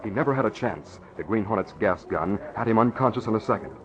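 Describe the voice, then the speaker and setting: A man narrating an old radio drama in a measured, dramatic storytelling manner. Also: fairly low pitch, expressive, a crowd in the background. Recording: dull lo-fi old radio recording with music.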